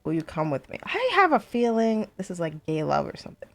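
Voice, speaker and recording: A woman streamer playing a story game, reading letters aloud in a steady voice and breaking into chatty, excitable remarks. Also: on the low side, fairly quick, vocal fry. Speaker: let's play streamer.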